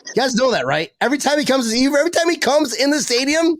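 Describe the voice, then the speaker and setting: A man hosting a casual podcast chat, animated and joking, laughing often as he talks with guests. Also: very high-pitched, fast talker, no echo, studio quality. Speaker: podcast host.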